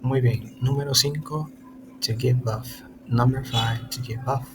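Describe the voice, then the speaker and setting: A male tutor teaches in English, a he speaks haltingly, often restarting words midway. His tone stays level, with little rise or fall. A steady hiss of background noise runs under the recording. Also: medium pitch. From Latin America. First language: Spanish. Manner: halting English with many restarts and self-corrections. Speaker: Spanish tutor. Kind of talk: online language lesson.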